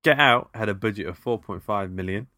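A man with a lowish voice and bright, forceful tone is chatting on a film podcast. He runs a trivia round with playful teasing. The recording is dry and close. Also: brisk, no room sound. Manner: quizzing with playful banter. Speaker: podcast co-host. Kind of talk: casual film podcast chat.

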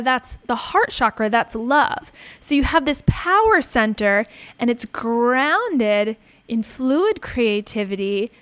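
Calm woman teaching, dry close sound. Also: on the high side, no echo. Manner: calm, reflective, checks in with "right?". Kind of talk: teaching talk on chakras.

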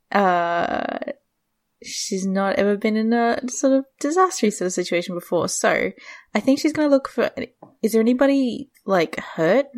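A woman's voice: medium pitch, gravelly. A woman playing a tabletop game, talking through what her character does in a casual, thinking-aloud way. She hesitates and restarts often, with plenty of likes and uhs. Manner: hesitant, many fillers. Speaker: player.

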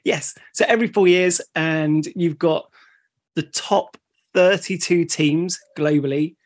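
A man's voice: a little high, slow pace. A man co-hosting a podcast in an upbeat, casual way, laughing often and agreeing readily. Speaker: podcast co-host. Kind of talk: casual chat.

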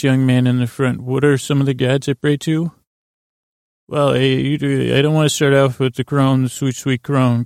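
A man riffs in character as an earnest young king, his voice heavy with gravel and fry. He stumbles and restarts as he rambles through the comedy bit. The sound is dry and close. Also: medium pitch, a little mellow, dry recording. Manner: rambling, halting, full of restarts. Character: earnest boy king Tommen. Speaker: comedy podcast host.

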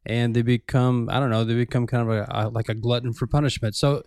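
A man's voice: mid-range voice, fairly even intonation, brisk, darkish tone, clear, resonant tone, no echo, studio quality. A man hosting a radio show in casual chat, joking and rambling, breaking off his own sentences. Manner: joking, rambling, self-interrupting.

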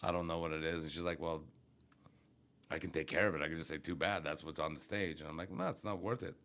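Low-voiced male comic, casual podcast storyteller, swears freely, restarts sentences. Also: steady tone, fast talker, a bit bright. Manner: rambling, profane, self-interrupting. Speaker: comedian. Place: radio studio.

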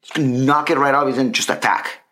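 A man's voice: medium pitch, moderate pace. A middle-aged man co-hosting a casual chat, ranting and mocking himself. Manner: ranting, self-mocking, animated. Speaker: podcast co-host.

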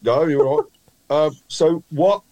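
A man's voice: fairly high pitch, slow, mellow, slight background noise, rough recording. A man with a Birmingham accent hosting a football quiz on a casual podcast, stretching out his clues and teasing the panel. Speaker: quiz host.

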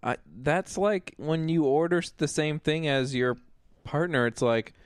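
A man's voice: on the high side, measured pace, clean tone, dry recording, studio quality. A man co-hosting a casual podcast, cracking playful jokes and laughing often. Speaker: podcast co-host. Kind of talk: casual chat.

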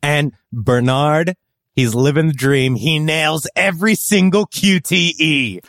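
A man co-hosting a podcast, trading sardonic jokes and deadpan asides in a casual recap chat. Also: on the high side, slow, no echo. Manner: sardonic jokey quips, dry deadpan asides. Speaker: podcast co-host.

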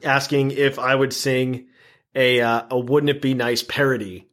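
A man's voice: medium pitch, flat delivery, unhurried, fairly bright tone. A man hosting a casual podcast, upbeat, running segments and reading listener email aloud. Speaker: podcast host.

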